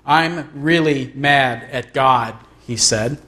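A man preaching who reads out the lines of a troubled young husband in a sulky, halting way during a sermon. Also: mid-range voice, pushed and bright.

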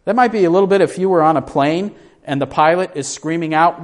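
Speaking fast in a voice on the high side, a pastor questions his congregation during a sermon. He acts out the story's voices as he goes, his delivery switching between hushed and raised.

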